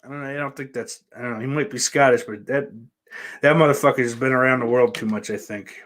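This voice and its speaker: A man hosting a solo podcast, talking in a loose, rambling, heavily profane way with sudden loud bursts. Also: medium pitch, steady tone, fast. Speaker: podcast host.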